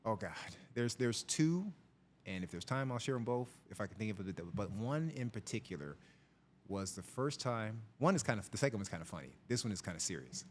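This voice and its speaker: A middle-aged man, a police officer, telling stories from the job in a casual interview, lively and acting out the people in them. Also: lowish voice, a little fast. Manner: animated storyteller, voices people in his anecdotes.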